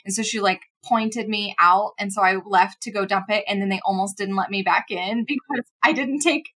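A bright-toned woman in her thirties co-hosting a casual podcast chat. She tells stories with energy and jumps up in pitch when she quotes people. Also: moderate pace, slightly rough. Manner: animated storyteller, swoops up for quoted voices. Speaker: podcast co-host.

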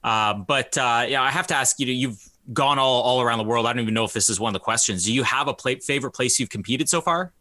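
A man co-hosting a casual interview, putting his questions in a brisk, offhand way. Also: mid-range voice, pushed and bright, no echo.

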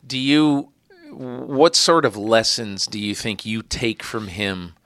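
A male podcast host interviewing a guest, telling anecdotes with lively energy and some hesitant restarts. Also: lowish voice, slow pace, dry recording. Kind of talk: conversational interview.

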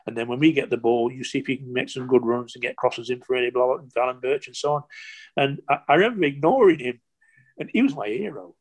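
A man in his sixties, a former footballer, telling stories casually in an interview, animated and rambling with lots of "you know" and restarts. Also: medium pitch, fast. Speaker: former professional footballer, guest.

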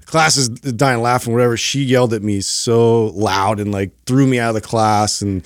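A man's voice: mid-range voice, steady tone, moderate pace, smooth, no room sound, studio quality. A man in a casual podcast chat, rambling through stories with many restarts.

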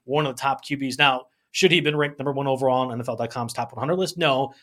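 A man's voice: medium pitch, fairly even intonation, quick pace, a bit bright. A man co-hosting a sports betting podcast, blunt and opinionated in casual chat. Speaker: podcast co-host.

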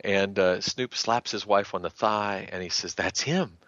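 A man, a sports writer and guest, telling anecdotes in a casual, animated way and slipping into the voices of the people he quotes. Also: low voice, unhurried, no echo, muffled recording. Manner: animated storyteller who acts out quotes.

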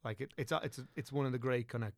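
A man's voice: medium pitch, steady tone, rapid-fire, no room sound, clean studio sound. A young Irish man chatting casually as a podcast guest, rambling and correcting himself as he goes.

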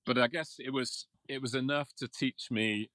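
A man's voice: mid-range voice, fairly even intonation, moderate pace, pushed and bright, no echo. A middle-aged man from England, a voiceover artist, chatting casually in an interview, self-deprecating and laughing often.

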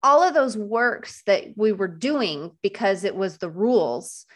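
A woman's voice: medium pitch, lively intonation, a little slow. A woman hosting an interview podcast, speaking in an effusive, enthusiastic way. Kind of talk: conversational interview.

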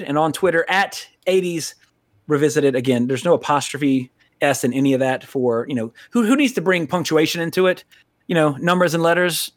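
Rambling, profane American podcast host. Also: male voice, a little high, no room sound, clean studio sound. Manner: rambling, profane, laughs often. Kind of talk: casual podcast chat.

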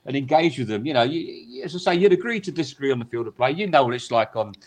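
A man's voice: mid-range voice, lively intonation, fast talker, a little mellow. An older man, a former football referee, telling stories on a podcast in a chatty way, repeating words and acting out quotes. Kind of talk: anecdotal storytelling on a podcast.

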